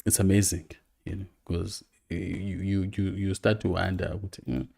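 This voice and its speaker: A man's voice: low voice, little pitch movement, moderate pace, vocal fry, mellow. A man giving reflective, hesitant commentary, switching between languages. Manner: reflective, hesitant, many fillers. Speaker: commentator host.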